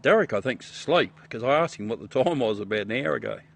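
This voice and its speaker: Speaking fast and animatedly in a medium-pitched voice, a middle-aged Australian man hosts a casual live chat with viewers. He jokes, swears and laughs often while showing them the moon through a telescope.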